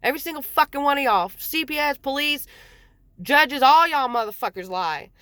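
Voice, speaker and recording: A woman's voice: high voice, expressive, moderate pace, pushed and bright, no room sound. A woman in her forties telling her own story in a heated, blunt way, swearing often and acting out what others said. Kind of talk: angry personal storytelling.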